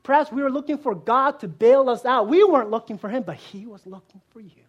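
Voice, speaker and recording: A woman pastor giving a sermon, earnest, asking rhetorical questions and moving between strong emphasis and quiet, hushed lines. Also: fairly high pitch, lively intonation, fairly quick, slightly rough, muffled recording.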